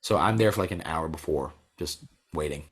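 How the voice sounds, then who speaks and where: A young American man chatting casually, telling a rambling story full of "like" and quick laughs. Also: very deep voice, husky. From United States. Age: young adult. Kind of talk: casual chat.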